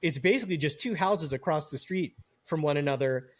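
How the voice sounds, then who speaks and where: Guy cohosting a horror podcast, kinda high voice, rambles w lots of likes and ums. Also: animated, brisk. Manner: rambling, many fillers and restarts. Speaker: podcast co-host. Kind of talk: casual chat.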